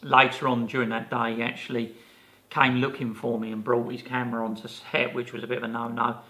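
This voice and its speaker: A man in his fifties speaks fairly quickly at medium pitch as a podcast co-host. In casual talk he tells a lively tale and acts out the people he quotes.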